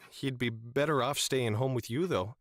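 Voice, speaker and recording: A man voicing a cheerful delivery man in a game, chatty and quick to laugh. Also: medium pitch, natural voice. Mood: friendly.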